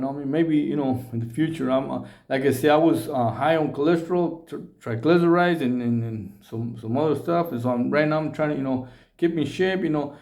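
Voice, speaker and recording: A middle-aged man from Mexico, telling a story to camera in halting, repetitive English mixed with Spanish slang. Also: on the high side, a little mellow. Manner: halting, many repeated words and restarts. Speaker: vlogger.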